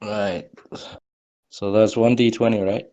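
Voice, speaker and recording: A man's voice: fairly low pitch, little pitch movement, slow, dark tone, muffled recording, slight background noise. A man playing a tabletop role-playing game, declaring his actions and dice rolls casually. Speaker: player. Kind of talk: tabletop gaming chat.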